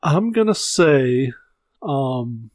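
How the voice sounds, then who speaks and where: A man's voice: medium pitch, big pitch swings, very slow, no echo. Regular guy on a podcast, dry close sound, lots of yeahs and casual cussing. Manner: short agreeing replies, swears casually. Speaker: podcast co-host. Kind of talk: casual chat.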